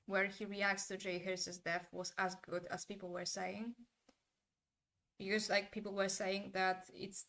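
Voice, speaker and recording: A woman giving her candid opinions in a casual monologue, turning animated when she imitates actors' delivery. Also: mid-range voice. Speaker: commentator.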